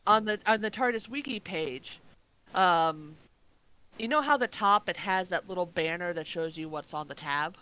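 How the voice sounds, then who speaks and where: Casting: woman with a bright, sharp voice, playful co-host on a review podcast. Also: on the low side, lively intonation, normal speed, clear, resonant tone, rough recording. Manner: playful, insistent, laughing. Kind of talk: casual review chat.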